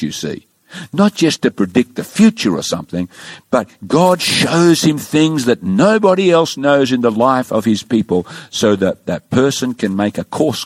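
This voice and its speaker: A middle-aged man preaching a sermon, retelling a story with acted-out quotes and dropping his voice low for solemn points. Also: no room sound. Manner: animated, acts out quotes with raised pitch, drops low for solemn points.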